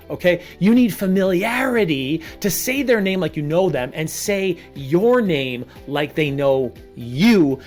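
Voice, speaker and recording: A man coaching salespeople in an energetic video lesson. He talks standing up, projects energy on purpose and repeats short punchy phrases. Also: high voice. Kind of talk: energetic coaching monologue to camera.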